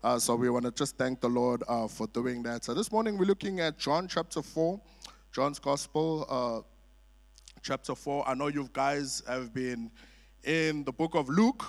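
A man's voice: mid-range voice, a little slow, vocal fry. A middle-aged man preaching as a guest in church, telling jokey stories with lots of "uh" fillers. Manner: chatty storytelling, jokey asides, many "uh" fillers. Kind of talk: sermon. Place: church sanctuary.

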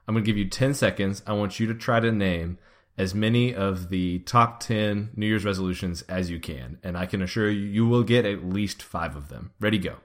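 A man's voice: fairly low pitch, normal speed. A young man hosting a comedy podcast, riffing and joking playfully with his co-hosts. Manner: goofy, laughing, playful riffing. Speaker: podcast host. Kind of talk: casual comedic podcast banter.

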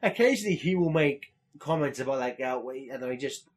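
A man's voice: mid-range voice, lively intonation, brisk. A young man co-hosting a podcast in casual chat, rambling with lots of fillers and swearing. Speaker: podcast co-host.

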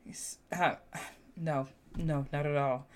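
Sassy, animated woman podcast host. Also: takes it slowly. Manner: animated, sassy, jumps high when exclaiming. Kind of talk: casual chat.

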